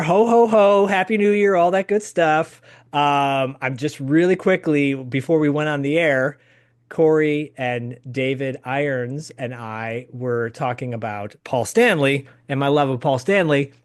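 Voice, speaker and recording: A man in his fifties hosting a podcast, telling a story in an animated, chatty way. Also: mid-range voice. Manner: animated, chatty, laughs as he tells stories. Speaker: podcast host. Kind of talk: casual storytelling.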